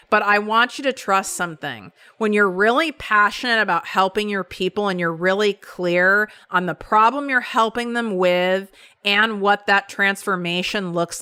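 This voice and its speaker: A woman's voice: medium pitch, bright, forceful tone, smooth, no echo, studio quality. A woman hosting a solo business-coaching podcast, talking emphatically and bluntly in a casual way, with some swearing. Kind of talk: solo motivational podcast talk.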